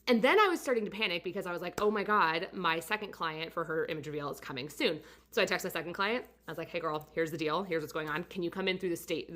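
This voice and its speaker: A woman photographer casually telling a story about a client, chatty and full of fillers. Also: lowish voice. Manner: chatty, many fillers, animated retelling. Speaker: portrait photographer and studio owner.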